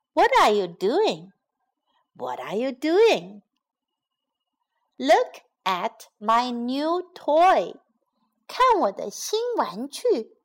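A woman tells a children's story and then teaches it phrase by phrase, repeating each line slowly and gently for young learners. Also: fairly high pitch. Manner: slow, careful repetition of each phrase. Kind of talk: bilingual storytelling lesson for children.

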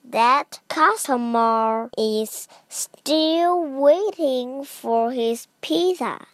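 A shopkeeper's wife from a storybook urges her husband along, read by a woman. Her voice sits a little high and is recorded dry and close. The reader's first language is Chinese. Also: extremely slow, no room sound. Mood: urging. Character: shop owner's wife, adult woman, urging.

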